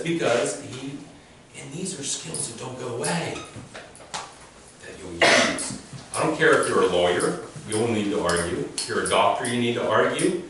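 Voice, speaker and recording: A man's voice: mid-range voice, expressive, normal speed, fairly bright tone. Chatty man telling stories in an echoey room. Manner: chatty, amused, laughs through anecdotes. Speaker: teen court coordinator. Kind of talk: storytelling talk to teens and parents. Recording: echoey room from far off with faint noise.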